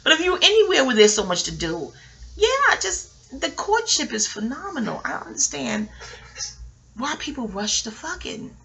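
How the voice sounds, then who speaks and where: A sassy middle-aged woman from New talks in a loose, wandering monologue, cursing freely as she goes off on tangents. Her New colors a bright, forceful voice that leaps high and drops low. It sounds like a casual, unscripted vlog. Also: sing-song, normal speed, vocal fry. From New York. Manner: profane, digressive, sassy. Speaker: TV recap vlogger.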